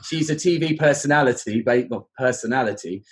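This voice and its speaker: Husky, chatty man with a London accent. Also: mid-range voice, brisk. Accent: southern English, London. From southern England. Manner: chatty, with many fillers and restarts. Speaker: guest, exam teacher. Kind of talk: casual podcast conversation.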